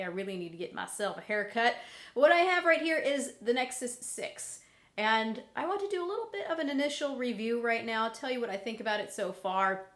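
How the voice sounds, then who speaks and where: A woman's voice: fairly high pitch, fairly bright tone. A young woman giving a candid, conversational phone review while getting over laryngitis. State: recovering from laryngitis. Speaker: tech reviewer. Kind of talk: casual product review.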